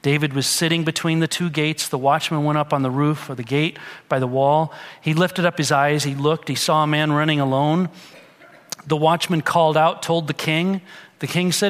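A male pastor reads a passage aloud and then breaks off to talk it through with his listeners, earnest and direct. His voice sits a little high for a man. The sound rings with a long reverb from a large hall. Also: a little fast, fairly bright tone. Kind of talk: sermon reading and explaining scripture.

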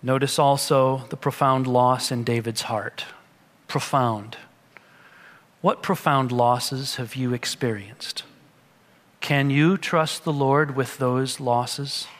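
A man's voice: mid-range voice, steady tone, takes it slowly, fairly bright tone, big-room sound. A man preaching a sermon, reading scripture aloud and then explaining it in an earnest, conversational way. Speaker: pastor.

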